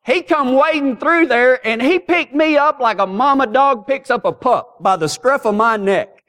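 High-voiced preacher telling folksy stories. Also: male voice, normal speed. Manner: folksy, humorous, animated storytelling. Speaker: pastor. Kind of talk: storytelling sermon.

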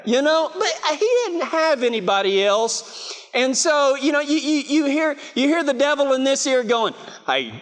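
Male West Texas preacher with a strikingly high voice, telling stories with a self-mocking humor, booming in a big reverberant hall. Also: moderate pace. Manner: chatty, self-mocking, lots of "you know". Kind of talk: storytelling sermon.

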